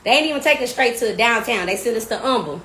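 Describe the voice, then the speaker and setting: Loud, lively young woman. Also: fairly high pitch, quick pace, slight background noise. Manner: loud, laughing, animated storyteller; profane, casual slang. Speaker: vlogger. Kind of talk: storytime vlog. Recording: echoey room with faint ambience.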